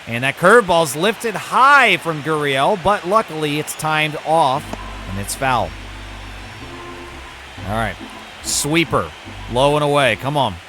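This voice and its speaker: A man's voice: on the high side, background noise. A man commentating his own video game baseball season, switching between broadcaster-style calls and muttered asides. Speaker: gaming YouTuber.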